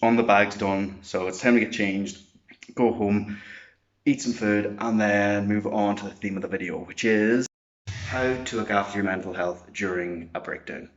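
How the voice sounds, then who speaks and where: A man's voice: fairly low pitch, steady tone, normal speed. A man talking to camera in a casual, upbeat vlog at the gym. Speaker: vlogger. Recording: dull lo-fi sound with noise.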